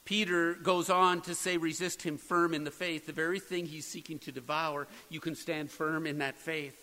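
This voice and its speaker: High-voiced man preaching in a reverberant hall. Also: fairly even intonation, moderate pace, sharp tone. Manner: earnest preaching, rising to emphatic peaks. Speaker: pastor. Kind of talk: sermon.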